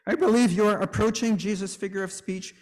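A jovial, bluff church reformer, as a preacher puts him on calls out in a raised, louder voice. He pushes back in a friendly way. Long reverb hangs on every line. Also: high-pitched, fairly even intonation, brisk, pitched above the performer's own voice, close to an everyday voice. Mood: hearty.

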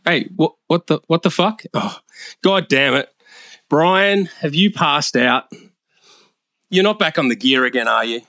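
Brief: a crude, mocking male roast comic, bright, dry close mic. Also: fairly high pitch, animated, a little slow, pauses often, dry recording. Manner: brash, crude, mocking delivery. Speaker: guest comedian roaster. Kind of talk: comedy roast.

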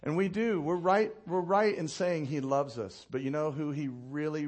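Preaching at normal speed with hardly any pauses, a male pastor tells animated stories and laughs at his own anecdotes. He drops low and quiet to land points and asks the congregation for responses.

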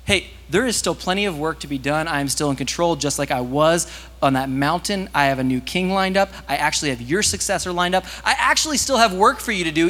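A pastor giving a sermon in a lively, conversational way, with loud, rising peaks. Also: male voice, high-pitched. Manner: animated, conversational preaching that rises to loud peaks. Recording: long hall reverb.

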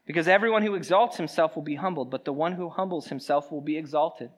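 A pastor preaching a sermon in a conversational, animated way, with joking asides to the congregation. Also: mid-range voice, quick pace.

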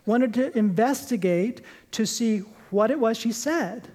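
A man's voice: extremely high pitch, measured pace, few pauses. Male pastor, sermon, emphatic, humorous storytelling. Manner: lively, jokey storytelling preacher; emphatic repetition of short points.

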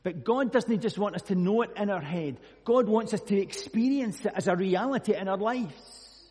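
A man's voice: high-pitched, moderate pace, darkish tone, breathy edge, long reverb tail. A Scottish man preaching a sermon, telling a personal story earnestly and reading scripture. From Scotland.

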